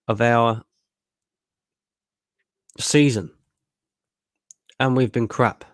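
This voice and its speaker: A man's voice: medium pitch, fairly even intonation, unhurried, dry recording, studio quality. A man streaming a live match watchalong, tired after a long work shift and bluntly frustrated, swearing freely. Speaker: fan channel streamer.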